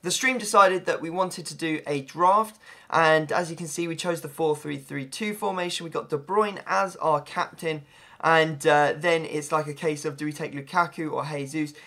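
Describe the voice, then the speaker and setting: A man commentating on his game in a chatty, rambling way. His voice is hoarse and slightly gravelly, and it sits a touch high with a bright, forward edge. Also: steady tone, moderate pace. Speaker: gaming YouTuber. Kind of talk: gameplay commentary.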